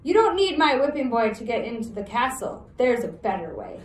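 A woman's voice: on the high side, very animated, brisk, roomy sound, far from the mic. A woman reading aloud voicing a spoiled, haughty young prince who talks down to others. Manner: haughty and dismissive.

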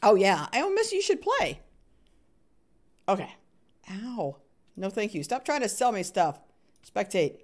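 An animated woman commentates her live game stream, chatting with viewers and cheering on the other players. Her voice swings freely up and down, and she fills quiet moments with hummed little sound effects. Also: a little high, a little slow. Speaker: gaming streamer.

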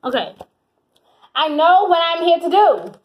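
Lady reading tarot cards, high voice, gets loud and hyped, repeats stuff over and over. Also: very animated, measured pace, dull audio, slight background noise. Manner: exuberant, emphatic, breaks into laughs and whoops; repeats phrases for emphasis. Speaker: tarot reader.

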